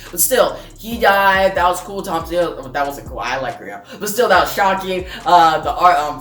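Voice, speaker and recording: A man's voice: fairly high pitch, fairly bright tone, far from the mic. A man reviewing a comic book in a casual vlog. He retells the plot in a rambling way, with plenty of "like" and "pretty much". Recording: roomy, off-mic with faint music.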